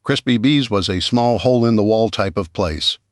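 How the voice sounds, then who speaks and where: A man with a low voice tells a first-person survival thriller. His delivery is calm and even, and the recording is dry and close with no room sound. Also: normal speed, no room sound. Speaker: audiobook narrator. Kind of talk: first-person audiobook narration.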